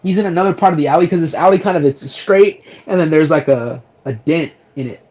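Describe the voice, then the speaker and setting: A man's voice: a little high, fast talker, darkish tone. Rambling man on a dull lo-fi mic. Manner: rambling, lots of restarts and swearing. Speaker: podcast co-host. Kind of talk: casual movie review chat.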